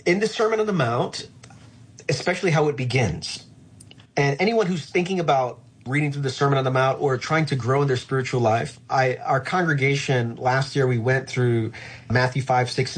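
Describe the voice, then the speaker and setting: Male pastor, husky voice, reflective and earnest, conversational. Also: mid-range voice. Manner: reflective, earnest, frequent "uh" fillers. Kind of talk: conversational interview answer.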